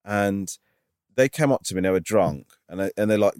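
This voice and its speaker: A man's voice: lowish voice, fairly quick, a little mellow, dry recording, clean studio sound. A male stand-up comedian, rambling with lots of fillers as he tells an anecdote in casual chat.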